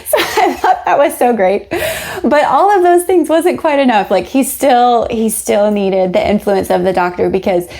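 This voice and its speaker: Lively woman chatting about a book. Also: measured pace. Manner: animated, acts out quotes with rising pitch and laughs. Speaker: podcast co-host. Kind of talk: casual book discussion.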